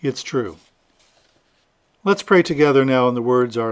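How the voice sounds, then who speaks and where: A man, a priest, reading the gospel aloud and then preaching a homily in a relaxed, chatty way with light humor. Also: mid-range voice, normal speed, pauses often.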